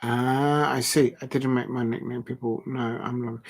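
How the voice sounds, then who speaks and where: A man's voice: mid-range voice, little pitch movement, moderate pace, gravelly. A man, hosting a casual live stream, talking in a rambling, blunt way with many ums and restarts. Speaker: livestream host.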